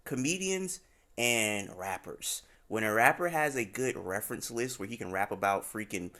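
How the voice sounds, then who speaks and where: Male podcast host, relaxed and trailing, bright lively delivery. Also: on the low side, moderate pace. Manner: laid-back, trails off quietly, laughs loudly. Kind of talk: casual interview chat.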